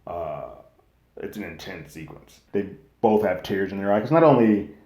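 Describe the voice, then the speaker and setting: Deep-voiced man recapping a TV episode. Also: moderate pace. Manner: slangy and animated, acting out quotes loosely. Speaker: TV recap host. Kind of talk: casual episode recap and review. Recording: echoey room.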